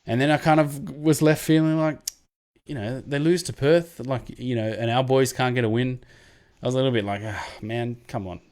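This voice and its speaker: A man's voice: fairly quick, clear, resonant tone. A man co-hosting a casual sports podcast, chatting loosely and acting out referees in mocking voices. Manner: animated, mimics referees with jumps in pitch. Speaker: podcast co-host.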